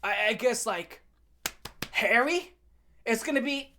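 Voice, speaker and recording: A woman's voice: fairly high pitch, expressive, measured pace, pauses often, bright, forceful tone. A woman ranting in commentary, heated and mocking, rambling with many restarts. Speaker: commentary ranter. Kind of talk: rant commentary.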